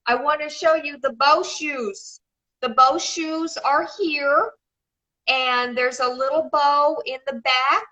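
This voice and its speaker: A woman's voice: high-pitched, steady tone, slow pace, bright, forceful tone, rough recording. A middle-aged woman from Memphis, chatting effusively on a live stream and calling people darling. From Memphis, Tennessee, USA. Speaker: shoe designer and regular guest. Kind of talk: casual live-stream chat.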